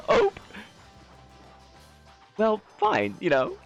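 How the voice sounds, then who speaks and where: A man's voice: wildly swooping pitch, normal speed, soft background music. A man streaming a game, chatting in a rambling, jokey way. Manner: rambling, jokey, swoops in pitch. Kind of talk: casual game-stream chat.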